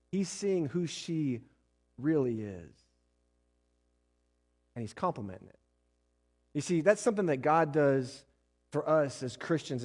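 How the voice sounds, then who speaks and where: A man preaching a sermon as pastor to a church, swinging between loud emphatic passages and soft intimate ones, often checking in with the congregation. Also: mid-range voice. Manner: preaching with rising and falling intensity, asks the congregation questions.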